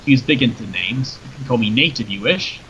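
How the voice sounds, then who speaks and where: A matter-of-fact talking rattlesnake who jokes as he explains his rules, voiced by a man reading a story. The voice is bright and clear. The recording sounds dull and lo-fi, with a faint hiss. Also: medium pitch, brisk, close to an everyday voice. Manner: chatty, joking, matter-of-fact. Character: wry talking rattlesnake granting wishes, male.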